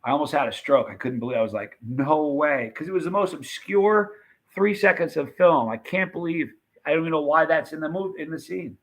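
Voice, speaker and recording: A man hosting a casual live stream, reading viewer comments and rambling excitedly about old movie scenes. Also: fairly high pitch, a little fast. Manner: chatty, rambling, animated retelling of movie scenes.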